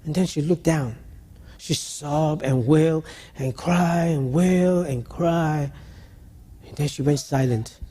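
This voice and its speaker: A man preaching a sermon, telling a story in a halting, earnest way. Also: a little high, mellow, breathy edge.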